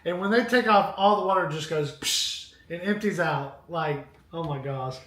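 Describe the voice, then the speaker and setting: Man, high voice, casual live-stream storytelling, rambling and animated, echoey room. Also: moderate pace. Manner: animated, rambling anecdote with asides to viewers.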